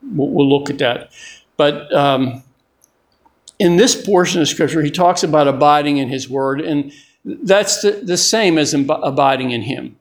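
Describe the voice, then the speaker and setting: A man's voice: a little high, a little slow. An older man preaching a sermon in a conversational way, often repeating and restarting his words.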